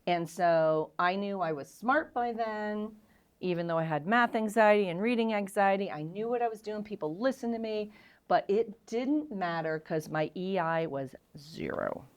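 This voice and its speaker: A middle-aged woman, a guest on an interview show, telling frank, self-deprecating stories in a candid and animated way. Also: medium pitch, normal speed.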